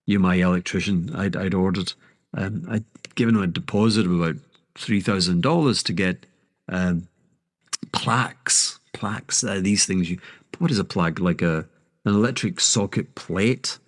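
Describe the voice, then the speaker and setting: Scottish male host, deep voice, rambling self-interrupting monologue with emphatic flare-ups. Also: normal speed, no room sound, studio quality. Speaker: podcast host. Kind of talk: casual monologue on markets.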